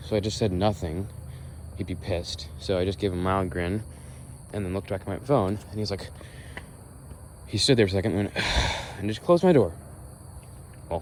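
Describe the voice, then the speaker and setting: A man's voice: lowish voice, darkish tone, a little hiss or hum. A young man ranting in exasperation during a walk-and-talk vlog, recorded outdoors at dusk. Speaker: vlogger.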